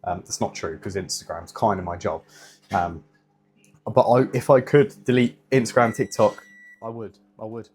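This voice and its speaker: A man's voice: lowish voice, fairly even intonation, moderate pace, a little mellow. A young man in casual vlog chat, rambling with many fillers and swearing, a fitness vlogger.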